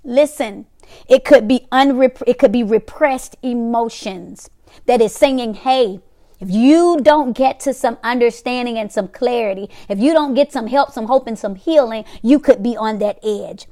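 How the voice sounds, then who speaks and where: High-pitched woman giving a pep talk, emphatic, repeats stuff, middle-aged. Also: moderate pace, mellow. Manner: emphatic, repeats phrases, acts out reactions. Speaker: therapist hosting a weekly talk. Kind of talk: motivational teaching talk.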